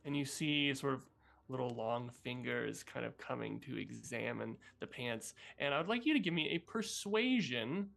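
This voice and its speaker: A man narrating a tabletop game as game master, unhurried and loose, with fillers along the way. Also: mid-range voice, animated, vocal fry, a bit bright.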